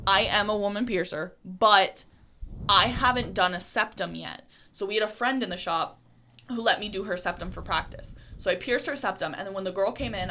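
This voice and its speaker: Woman, podcast co-host and piercer, animated storyteller who acts out dialogue, faint background noise. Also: medium pitch. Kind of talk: casual chat.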